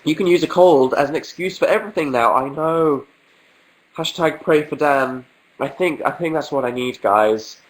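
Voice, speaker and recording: Sniffling with a cold, a young Englishman hosts a relaxed home livestream, answering viewer questions through a webcam mic and joking drily and self-mockingly about how ill he is. His pitch is fairly high, his pace moderate, and the audio poor.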